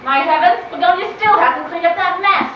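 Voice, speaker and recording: A young actress plays a fussy lady who is shocked by everything around her. Her very high voice carries from a distant stage in a big echoing hall, muffled and noisy. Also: brisk. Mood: scandalized. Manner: fussy, scandalized. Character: prim scandalized older lady Lydia.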